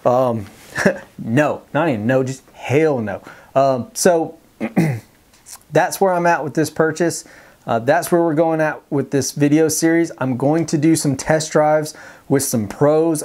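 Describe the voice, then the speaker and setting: A man's voice: a little high, takes it slowly, darkish tone. Rambling plainspoken man with a Texan twang. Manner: rambling, many ums and restarts; plainspoken, determined. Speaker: fishing vlogger. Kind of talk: casual vlog talk to camera.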